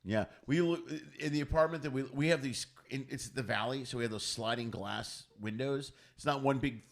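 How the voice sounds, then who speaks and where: A man hosting a casual chat over a video call, joking and throwing in quick asides. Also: mid-range voice. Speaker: host.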